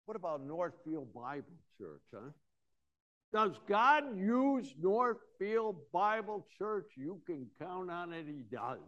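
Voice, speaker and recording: A man preaching a sermon in a folksy storytelling way, his voice slightly high for a man. He drawls slowly and swings from loud bursts down to near murmurs as he acts out scenes. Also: big pitch swings. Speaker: pastor.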